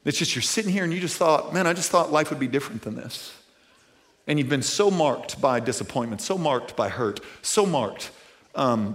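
A man preaching a sermon to a church audience in a casual, conversational way, full of fillers, swinging from loud to hushed. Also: medium pitch. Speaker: pastor.

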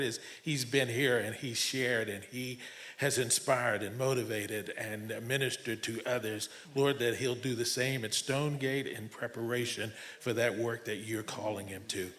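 A man's voice: mid-range voice, a bit bright. A man leading an earnest commissioning prayer in a church service. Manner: fervent, earnest praying. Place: church sanctuary.

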